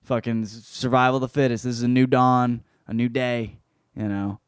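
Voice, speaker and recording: A man's voice: medium pitch, level tone, normal speed, clean tone, dry recording, studio quality, close to an everyday voice. A man voicing a lonely, profane last man alive, crude and blurting. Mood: resigned.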